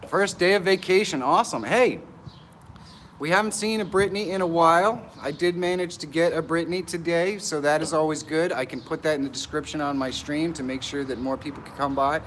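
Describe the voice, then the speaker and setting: Middle-aged guy live streaming from a pavilion, hyped and jittery, shouts out chat names, laughs a ton, bit high pitched. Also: fairly quick, slight background noise. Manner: excitable, greets viewers by name, laughs a lot. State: nervous and stressed. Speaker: vlogger hosting a live stream. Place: outdoor pavilion.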